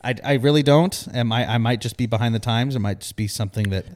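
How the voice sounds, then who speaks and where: A man's voice: mid-range voice, fast, a little mellow. A man co-hosting a podcast, chatting casually, joking and rambling as he talks. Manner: joking, rambling, laughs often. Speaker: podcast co-host. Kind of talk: casual chat.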